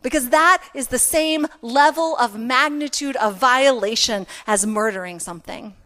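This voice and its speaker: A woman's voice: high voice, moderate pace, bright, forceful tone. A woman pastor preaching a sermon in a conversational, self-deprecating way, with emphatic repetition.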